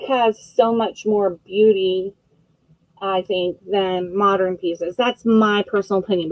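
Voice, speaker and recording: Unhurried, dry-sounding woman auction host. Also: medium pitch, no echo, dull audio. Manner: chatty and friendly, describing items with frequent fillers and self-corrections. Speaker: host of a live online vintage auction. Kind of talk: casual live-stream selling.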